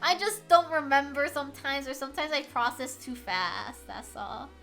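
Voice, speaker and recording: A woman's voice: high voice, moderate pace, gravelly, fairly bright tone, faint music behind. A young woman streamer chatting casually and rambling into a headset mic, with a slight lisp from her retainers, laughing often and swearing casually. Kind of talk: casual live-stream chat. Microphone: headset microphone at a home streaming setup.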